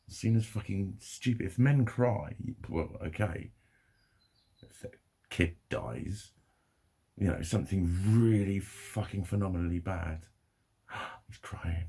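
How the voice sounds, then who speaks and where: A man's voice: on the low side, measured pace, pauses often, warm tone, breathy edge. A young man ranting to camera in a sweary, rambling, heated way. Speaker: vlogger.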